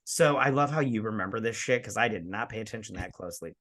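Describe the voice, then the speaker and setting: A man's voice: fairly low pitch, quick pace, fairly bright tone. A man co-hosting a casual movie review chat over drinks, rambling, repeating words and acting out scenes as he goes. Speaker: co-host of a movie review show.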